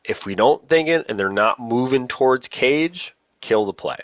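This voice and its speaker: A man's voice: mid-range voice, expressive, normal speed, dry recording, muffled recording. A man training new lacrosse officials in a casual, self-deprecating way, often repeating key points. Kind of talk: casual online training talk.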